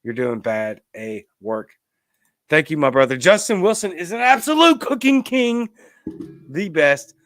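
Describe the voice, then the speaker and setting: A man's voice: a little high, sing-song, measured pace, a bit bright, dry recording, clean studio sound. A man hosting a political commentary show, ranting emphatically and reading out viewer comments. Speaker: host.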